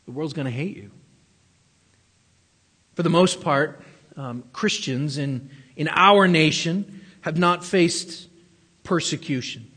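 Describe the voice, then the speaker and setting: A man's voice: on the high side, takes it slowly, pauses often, sharp tone, breathy edge, big-room sound. A man preaching a sermon earnestly, stressing his key words. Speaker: pastor.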